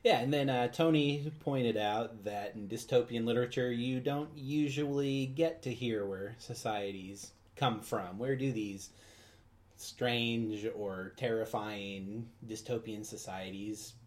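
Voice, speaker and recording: A man's voice: medium pitch, steady tone, takes it slowly, a little mellow. A man co-hosting a casual book podcast, joking with dry sarcasm. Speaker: podcast co-host.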